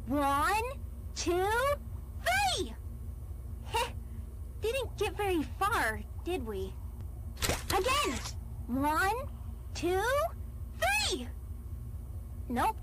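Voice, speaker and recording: Bossy cartoon rabbit, springy, heavy noise. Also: female voice, very high-pitched, huge pitch swings, very slow, long pauses, full character voice. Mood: insistent. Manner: bossy, insistent. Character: pushy energetic toy rabbit. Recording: very noisy recording.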